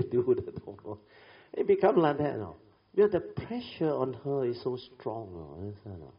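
A man's voice: mid-range voice, sing-song, moderate pace. A middle-aged man giving a Buddhist talk, telling a family story in a chatty way, often adding tag questions and laughing as he goes. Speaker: Buddhist teacher. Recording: dull lo-fi recording.

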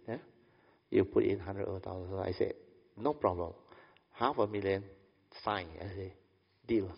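Man, low gravelly voice, anecdotal dharma talk, long hall reverb. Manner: storytelling, often repeats "I said" and checks "understand?"; chuckles often between lines. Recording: dull reverberant hall recording.

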